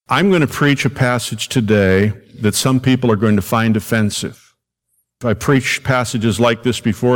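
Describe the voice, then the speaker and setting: A male senior minister preaching a conversational sermon, stressing points by repeating them. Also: medium pitch. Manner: conversational preaching, emphatic repetition. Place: church sanctuary. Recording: long hall reverb.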